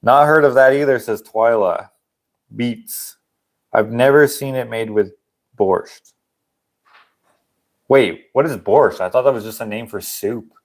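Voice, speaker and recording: A man's voice: medium pitch, measured pace, pauses often. A young man from Canada hosting a casual livestream, joking around and reading viewer comments aloud. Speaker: livestream host.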